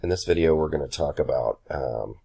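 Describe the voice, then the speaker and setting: Very deep-voiced man teaching a casual lesson. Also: a little fast, vocal fry, slightly rough. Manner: relaxed, many ums and uhs, says y'all. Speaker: Spanish teacher. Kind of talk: casual recorded grammar lesson.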